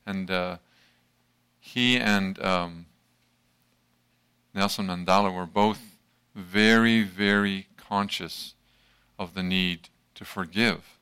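A man giving an informal evening talk to a live audience, halting, with many fillers and restarts, his mouth still slightly numb from dental work. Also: deep voice, a bit bright, clean tone.

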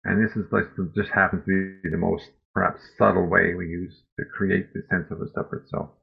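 A man giving a meditation dharma talk, speaking slowly and gently with reflective pauses. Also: low-pitched, flat delivery, vocal fry, slightly rough. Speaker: meditation teacher. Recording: phone-like lo-fi recording.

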